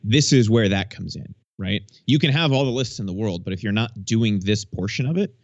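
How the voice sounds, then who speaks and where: A man's voice: lowish voice, a little fast, no echo, highs cut off. A man co-hosting a podcast, talking conversationally with frequent laughs and repeated words. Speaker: podcast co-host. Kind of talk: casual podcast chat.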